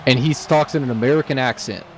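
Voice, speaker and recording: A man in casual chat with friends during an online game, heated and quick to swear as he argues his point. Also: medium pitch, slight background noise. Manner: heated, animated, heavy swearing. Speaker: gamer chatting while playing.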